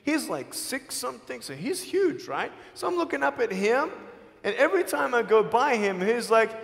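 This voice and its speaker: Aussie guy in his 30s telling stories at a big talk, jokey and lively, echoey hall. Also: very high voice, moderate pace, creaky. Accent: Australian. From Australia. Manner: animated, jokey, acts out dialogue. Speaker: motivational speaker. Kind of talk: stage speech with storytelling. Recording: reverberant large hall.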